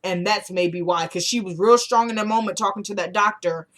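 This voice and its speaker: A woman's voice: medium pitch, fairly bright tone. Chatty woman recapping a TV episode. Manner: chatty, retells scenes with quick asides to viewers. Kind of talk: casual episode recap to viewers.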